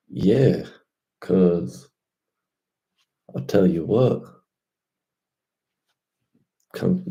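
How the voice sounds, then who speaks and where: A man's voice: lowish voice, creaky, warm tone. A man talking casually and loosely in slangy speech, drifting from point to point in a vlog monologue. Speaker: crypto vlogger.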